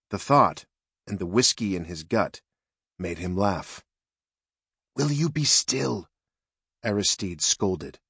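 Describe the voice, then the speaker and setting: A low-leaning male voice carries an audiobook narration at a measured, even pace. There's no room sound, just clean studio audio.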